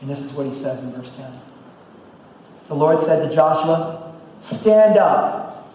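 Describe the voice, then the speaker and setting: Male pastor, mid-high voice, emphatic sermon, heard from afar in a long-reverb hall. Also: fairly even intonation, normal speed. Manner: emphatic, repeats phrases, swings between loud and hushed. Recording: echoey hall, distant mic, faint ambience.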